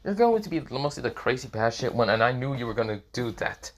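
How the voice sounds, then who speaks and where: A man's voice: medium pitch, very animated, fast talker, natural voice. A man playing an exasperated young woman who scolds her friend. His voice stays close to his own and is only slightly raised.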